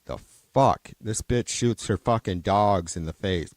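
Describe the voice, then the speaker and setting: Man, low voice, close dry mic, casual livestream talk, swears a lot, rambles. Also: animated, measured pace, no echo. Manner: rambling and profane, with many restarts and trailing-off sentences. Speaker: livestream host. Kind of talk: casual unscripted stream chat.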